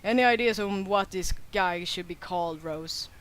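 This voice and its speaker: A woman's voice: on the low side, moderate pace, close to an everyday voice. A woman doing a sheepish, remorseful young man. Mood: regretful. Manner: sheepish, self-blaming. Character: remorseful young man fretting over a lost horse. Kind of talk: reading game dialogue aloud.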